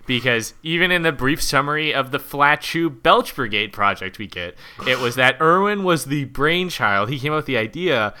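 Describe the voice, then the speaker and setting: A man's voice: medium pitch, expressive, normal speed, hardly any pauses, pushed and bright, a little hiss or hum. A man co-hosting a casual film discussion, rambling with many fillers and easy chuckles. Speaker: podcast co-host.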